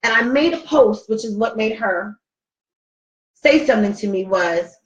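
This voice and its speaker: A middle-aged woman hosts a casual talk show, sharing a personal story in a heartfelt, emotional way. Her voice is fairly high and animated at normal speed. The mic sounds roomy, distant and dull.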